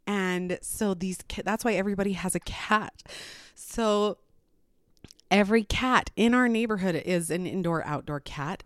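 A mother telling a personal story to camera in a casual, animated way, with rambling asides and frequent laughs. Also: medium pitch, no room sound, clean studio sound.

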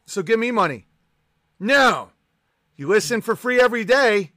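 A man's voice: sits high, expressive, normal speed, long pauses, sharp tone, no room sound. A male livestream host ranting in casual talk, profane, combative and sarcastic. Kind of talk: ranting live-stream chat.

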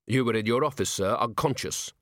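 A man's voice: medium pitch, fairly quick, a bit bright, no echo, natural voice. A harried watch commander in middle age, brusque and practical, snapping out orders, read by a man. His voice sits near the reader's own, dry and close. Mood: urgent.

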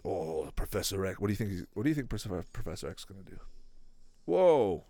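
A man giving casual live commentary as he watches a video, excitable and thinking aloud, often asking his viewers questions. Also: deep voice, rapid-fire, no room sound. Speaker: reaction video host.

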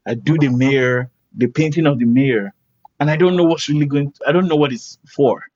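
A male guest artist with a fairly high pitch shares a story casually at normal speed, animatedly acting out the characters and their quoted lines. There's no echo, but the recording is dull and lo-fi.

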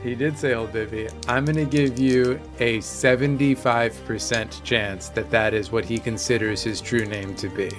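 A man running a tabletop game as game master, giving rulings in a relaxed, matter-of-fact way. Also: mid-range voice, moderate pace, few pauses, faint music behind.

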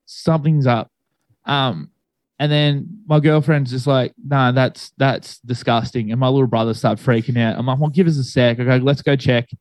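A man's voice: mid-range voice, steady tone, brisk, darkish tone, no room sound, low-quality recording. A young man telling a ghost story to friends in a rambling, casual way, full of fillers and swearing.

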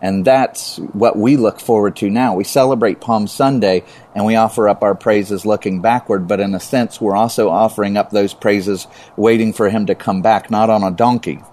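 A man who has taught middle and high school, explaining Bible passages in conversation and building up to emphasis by repeating words. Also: steady tone, normal speed, hardly any pauses, a little mellow. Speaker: Bible teacher.

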